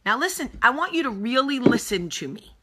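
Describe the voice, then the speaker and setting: A middle-aged woman hosting a casual vlog, telling a story in a blunt, animated, sassy way. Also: fairly high pitch, a little fast, noisy background. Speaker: host.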